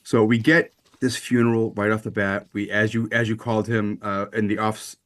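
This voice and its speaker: A man co-hosting a podcast, talking in a casual, animated and profane way with film-nerd enthusiasm. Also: fairly low pitch, normal speed. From United States. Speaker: podcast co-host. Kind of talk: casual chat.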